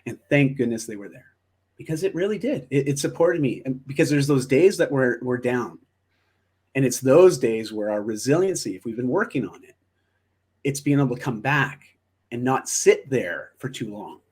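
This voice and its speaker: Guest, male, husky voice, encouraging and reflective, middle pitch. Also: lively intonation, moderate pace, a little mellow. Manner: reflective, encouraging, many restarts. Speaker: guest, motivational speaker. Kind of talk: casual interview chat.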